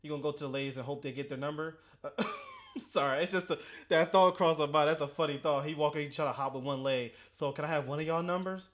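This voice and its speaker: A man hosting a reaction video, talking back at the clip in an animated, casual way and often stumbling and restarting his sentences. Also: fairly high pitch, quick pace, few pauses.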